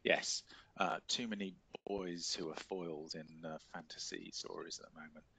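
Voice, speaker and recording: A man's voice: sits low, fairly even intonation, normal speed, gravelly, sharp tone, a little hiss or hum. Hesitant English male teacher. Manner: hesitant, many fillers, explanatory. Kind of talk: classroom lecture and discussion.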